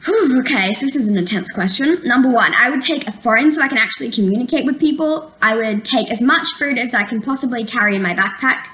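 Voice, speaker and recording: A woman's voice: fairly high pitch, expressive, fast talker, few pauses, pushed and bright, reverberant, rough recording. A young woman vlogging in a casual, chatty way, often filling with "like". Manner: chatty, lots of "like" fillers. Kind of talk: casual chat.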